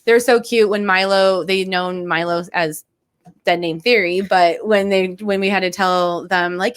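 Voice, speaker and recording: A woman co-hosting a podcast, talking in a relaxed, slangy way with casual swearing and frequent laughter. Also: on the low side, measured pace, clean tone. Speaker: podcast co-host. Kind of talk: casual chat.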